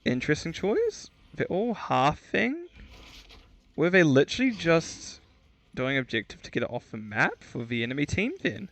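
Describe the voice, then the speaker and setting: A man's voice: a little high, big pitch swings, brisk, a bit bright. Chatty man casting a video game. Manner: chatty, self-mocking, trips over names. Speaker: esports caster. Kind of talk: solo game commentary.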